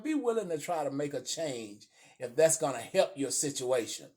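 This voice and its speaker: Earnest man repeating advice, higher voice. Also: animated, moderate pace, warm tone. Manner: earnest, repeats key phrases for emphasis. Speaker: co-host giving marriage advice. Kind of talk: casual faith-based relationship talk.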